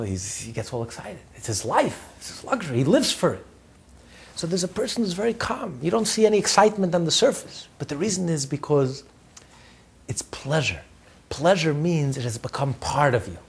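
A husky-voiced man teaching a religious class. His delivery is animated, rising and falling in volume, with frequent chuckles and repeated words as he works through an idea. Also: a little high.

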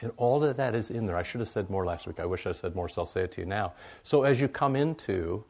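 An older male pastor giving a folksy, rambling sermon, often checking in with the congregation with a quick "right?". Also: fairly low pitch, animated, a little mellow. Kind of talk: conversational sermon.

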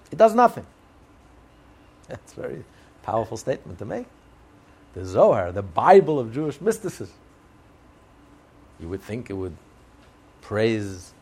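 A man's voice: mid-range voice, gravelly, darkish tone, husky. A man teaching a Torah class with emphatic, repeated rhetorical questions and occasional chuckles.

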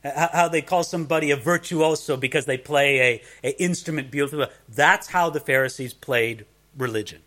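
A man preaching a sermon, animated and conversational, often asking rhetorical questions. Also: on the high side, brisk. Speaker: pastor.

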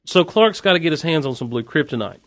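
A man hosting a podcast, casually recapping a TV episode with animated, wry asides. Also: on the high side, fast talker, no echo.

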